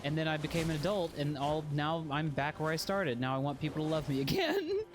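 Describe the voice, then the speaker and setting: A man's voice: fairly high pitch, expressive, brisk, music in the background. A man casually chatting while streaming a video game, rambling and joking at his own expense. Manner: rambling, self-deprecating, jokey. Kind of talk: casual gameplay chat.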